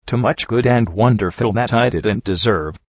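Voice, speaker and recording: A man's voice: mid-range voice, moderate pace, no echo, lo-fi sound, natural voice. Man reading as a guilt-ridden unicorn mare. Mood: remorseful. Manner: soft, subdued, confessional. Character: guilt-ridden female unicorn pony, weary and remorseful.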